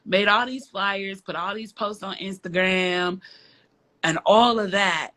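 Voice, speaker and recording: A woman's voice: mid-range voice, slow, bright, forceful tone. A woman from the south side of Chicago, a guest telling a story in a casual interview, emphatic and frank, repeating phrases for effect.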